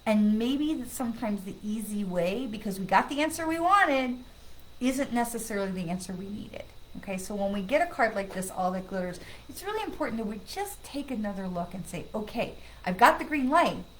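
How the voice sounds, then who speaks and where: A woman's voice: medium pitch, fairly quick, poor audio. A woman psychic medium doing a live card reading, chatting in a reassuring way and often checking in with "okay?" and "right?". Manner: bursts into loud excited laughter when greeting friends. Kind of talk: live-stream card reading, casual chat.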